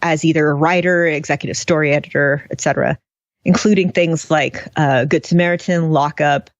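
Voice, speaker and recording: A woman's voice: low-pitched, fairly even intonation, fairly quick, no room sound. A woman co-hosting a fan podcast, chatting casually about a TV episode in a sarcastic, often laughing way. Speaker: podcast co-host. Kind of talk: casual chat, TV episode discussion. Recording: dull, dry lo-fi sound.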